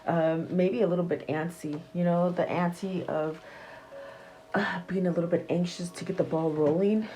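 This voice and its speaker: A woman reads tarot cards aloud for her viewers in a relaxed, wandering way, often stopping to restart a thought. Her voice sits fairly low and sounds mellow and warm rather than bright. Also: moderate pace, poor audio. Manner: soft, meandering, many fillers and restarts. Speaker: tarot reader. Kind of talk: casual tarot reading to camera.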